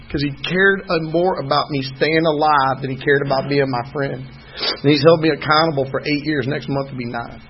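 A man with a drawl shares his story at a recovery meeting in a candid, rambling, emphatic way. His voice sits a little high for a man. The recording is dull and lo-fi, with the sound of a meeting room around him. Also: steady tone, moderate pace, slight background noise. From Georgia, US. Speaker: speaker sharing at a recovery meeting. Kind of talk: personal testimony.

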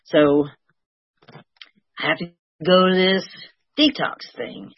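A woman's voice: on the low side, takes it slowly, no room sound, muffled recording. An older woman sharing her recovery story with wry, self-mocking humor. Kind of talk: personal testimony, storytelling.

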